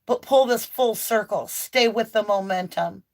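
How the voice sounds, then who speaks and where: Slow, impassioned woman tarot reader. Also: mid-range voice, gravelly. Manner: impassioned, preachy, emphatic declarations. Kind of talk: spiritual tarot reading monologue.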